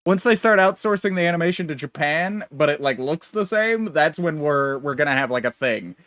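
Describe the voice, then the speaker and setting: A young man co-hosting a podcast in loose, rambling chat, restarting his sentences and stacking up fillers. His voice sits a little high for a man. The sound is close and dry, with no room in it. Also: animated, a little fast, fairly bright tone, no echo. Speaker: podcast co-host. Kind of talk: casual chat.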